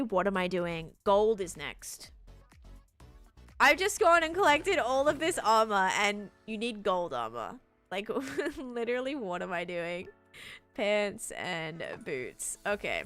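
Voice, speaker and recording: This young Sydney woman, her Australian accent softened, rambles casually as she plays a game on stream and responds to chat. Her voice sits in the mid range.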